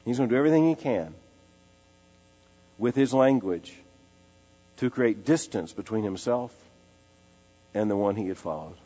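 A man preaching an expository sermon, emphatic, repeating phrases and slowing down to give them weight. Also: fairly low pitch, expressive, warm tone. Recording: dull lo-fi sound in a large reverberant hall with faint music.

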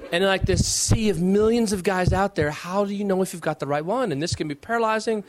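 Middle-aged man, pastor, fairly high voice, animated preaching, slow stressed phrases. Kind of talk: Q&A talk to young women.

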